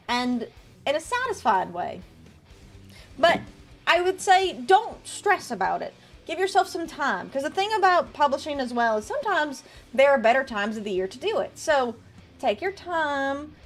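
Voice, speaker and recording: High, lively streamer woman chatting. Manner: playful, chatty, reads viewer messages aloud and teases. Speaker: streamer reading tarot for chat. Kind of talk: casual live-stream chat.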